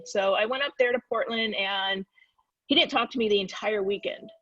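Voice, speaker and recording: A woman's voice: medium pitch, moderate pace, no echo, highs cut off. A woman from California, a former soccer player and guest in a video-call Q&A, telling stories casually and acting out quoted dialogue. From California, USA. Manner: lively storyteller who acts out quoted dialogue.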